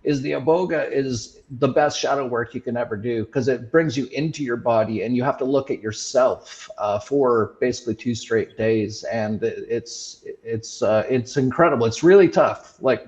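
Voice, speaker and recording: Halting man telling a story on muffled audio. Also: mid-range voice, a little mellow. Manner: halting, many fillers and restarts. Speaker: show host sharing his experiences. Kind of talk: casual reflective storytelling.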